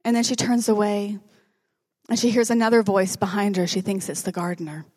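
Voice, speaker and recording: A woman's voice: mid-range voice, steady tone, fairly quick, a little mellow. A woman preaching a sermon in a conversational, joking manner, dropping to a whisper at dramatic moments.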